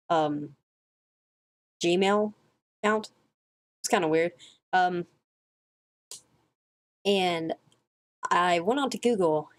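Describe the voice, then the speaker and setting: A woman vlogger telling a rambling, profane story in a casual monologue, full of swearing, fillers and restarts. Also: fairly low pitch.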